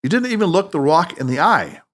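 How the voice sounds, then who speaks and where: A playful, teasing mentor with an emphatic delivery, voiced by a man. The pitch rises and falls in a lively way, sitting a little high for a man. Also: a little fast. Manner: emphatic, teasing, booming laughter. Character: wise playful older male mentor Tanaka.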